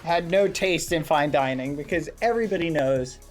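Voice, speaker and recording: A man's voice: on the high side, normal speed, soft background music. A male streamer telling a rambling, playful story to his live chat, full of fillers and asides.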